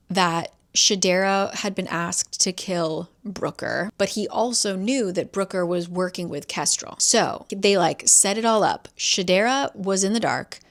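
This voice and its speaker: A woman casually recapping a novel's plot, chatty and swearing as she voices its characters. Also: medium pitch. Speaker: book reviewer.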